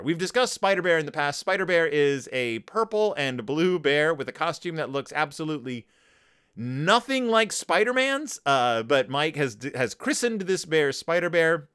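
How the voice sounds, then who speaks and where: A man's voice: fairly high pitch, smooth. A tired man hosting a podcast, chatting casually about a children's picture book in a rambling, wry way, with brief put-on voices for the characters. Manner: rambling, wry, self-interrupting, animated; puts on brief character voices when paraphrasing. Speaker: podcast host. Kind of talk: casual book review chat.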